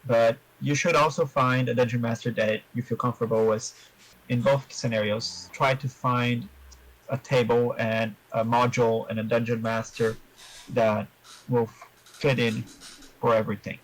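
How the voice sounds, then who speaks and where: A man answering interview questions about his tabletop game in a measured, explanatory way, giving advice to other players. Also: mid-range voice, little pitch movement, low-quality recording.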